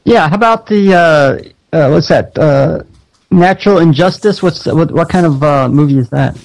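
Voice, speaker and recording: A man's voice: fairly high pitch, moderate pace, creaky, a little mellow, rough recording. A man co-hosting a radio interview, fumbling through hesitant questions. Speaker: co-host. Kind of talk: casual interview chat.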